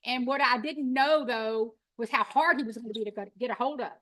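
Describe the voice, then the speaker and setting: A middle-aged woman, telling her story in an animated, folksy, emphatic way. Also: on the high side, brisk. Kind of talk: storytelling talk.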